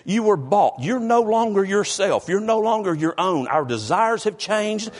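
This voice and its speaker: Fervent husky-voiced preacher man. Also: high-pitched, expressive, moderate pace. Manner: fervent, calls out congregation members by name. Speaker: pastor. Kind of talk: sermon.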